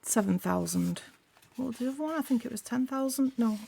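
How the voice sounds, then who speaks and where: A woman with a sore, croaky throat, chatting casually as she unboxes craft supplies for her channel, rambling and correcting herself as she goes. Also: fairly high pitch, a little fast, warm tone, slight background noise.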